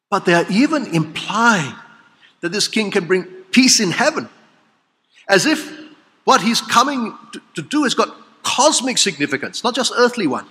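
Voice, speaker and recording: A man delivers a sermon in a large hall with a long, ringing reverb. His voice is bright and fairly high, with a lively, swooping pitch. He moves between loud exclamations and quiet, solemn lines. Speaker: preacher.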